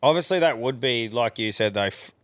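A man's voice: mid-range voice, expressive, fairly bright tone, dry recording. A man hosting a podcast, chatting casually, swearing often and laughing easily. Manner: laid-back, heavy swearing, quick to laugh. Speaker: podcast host. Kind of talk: casual chat.

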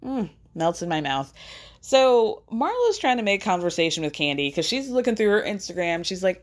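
A woman hosting a podcast in casual chat, chatty and animated, laughing often as she talks. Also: medium pitch, normal speed. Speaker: podcast host recapping a reality show.

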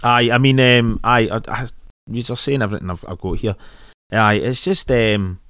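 A man's voice: medium pitch, fairly even intonation, normal speed, fairly bright tone, clean tone, no room sound, clean studio sound. A man with a Scottish accent co-hosting a music podcast, hesitant and sweary in casual chat. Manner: hesitant, sweary, lots of fillers. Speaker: podcast co-host.

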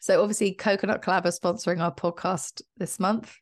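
A woman on a podcast, her voice hoarse and husky from a cold. She chats with a friend in a low-pitched, laughing, easygoing way, full of quick asides. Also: fairly even intonation. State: hoarse from illness. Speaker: podcast co-host. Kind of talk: casual chat.

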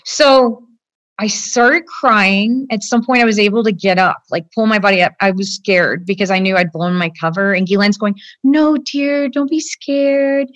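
A woman's voice: medium pitch, steady tone, normal speed, fairly bright tone, no room sound. A woman in her fifties, a guest telling her own story in an earnest, emotional way, often adding "like" and "you know" and speaking straight to the hosts. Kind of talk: personal account in a conversation.

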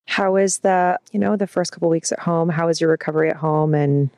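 A woman's voice: low-pitched, steady tone, a little fast, a little mellow. A woman hosting a podcast, giving upbeat, chatty advice and asking her guest questions. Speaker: podcast host. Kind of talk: casual podcast chat.

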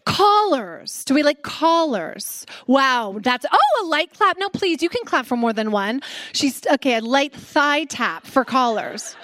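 A woman's voice: high voice, lively intonation, measured pace, a bit bright, no echo. A Canadian woman hosting a comedy podcast live on stage, delivering a brash, sarcastic, playful monologue. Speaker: podcast host. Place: stage before a live audience.

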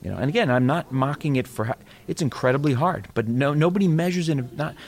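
A middle-aged man from Boston and New York, chatting about innovation and acting out characters as he tells jokes. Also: a little high. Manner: animated storyteller, quick, acts out characters. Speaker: speaker on innovation. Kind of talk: casual chat with comic impressions.

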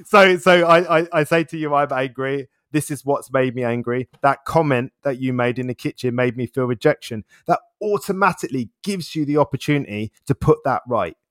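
Guy talking things over slowly, chuckles a lot, dry close mic. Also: mid-range voice, dry recording. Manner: reflective, laughs often, repeats words as he thinks. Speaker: guest. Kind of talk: casual conversational interview.

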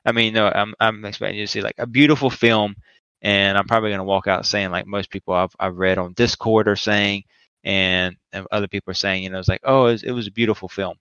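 A man with a lowish voice rattles along quickly in a rambling, jokey podcast chat and acts out the lines he quotes. The audio is dry and a bit dull, like a lo-fi mic. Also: fairly even intonation, fairly bright tone, smooth, no echo. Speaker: podcast co-host. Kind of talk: casual chat, movie review.

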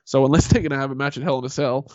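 A man co-hosting a podcast, giving blunt opinions in casual chat and telling stories with animated put-on reactions. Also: mid-range voice, rapid-fire, no echo, muffled recording. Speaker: podcast co-host.

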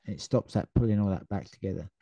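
A man's voice: lowish voice, fast talker, slightly rough, no room sound. A man chatting casually as a podcast co-host, telling stories with laughs and acted-out quotes. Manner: animated storyteller, acts out quotes with shouts and laughs. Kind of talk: casual chat.

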